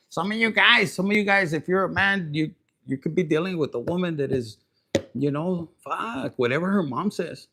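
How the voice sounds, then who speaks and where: A high-pitched man runs a tarot reading full of swearing. He jumps into Spanish mid-sentence and keeps things rowdy and crude, with no polish at all. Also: animated, moderate pace, sharp tone, a little hiss or hum. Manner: profane, rowdy, slips into Spanish. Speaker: tarot reader.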